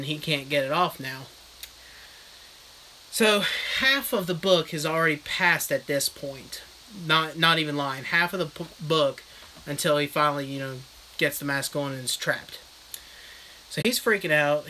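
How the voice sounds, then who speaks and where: Crude, rambling man with a bright voice. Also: on the high side, a little hiss or hum, rough recording. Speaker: book reviewer streaming live. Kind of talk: comedic casual recap.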